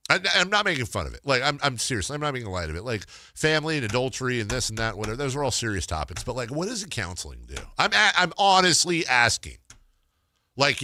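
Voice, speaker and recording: Sports radio guy, sarcastic and jokey, bright punchy voice, dry studio sound. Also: mid-range voice, no room sound. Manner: animated, sarcastic, jokey with sudden loud outbursts. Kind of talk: sports talk radio banter. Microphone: studio microphone.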